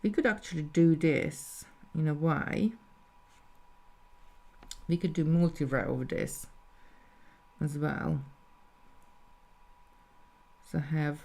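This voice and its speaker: A woman's voice: deep voice, creaky, darkish tone. A woman talking through a live beading tutorial step by step, thinking aloud as she works. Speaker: jewellery designer teaching beading.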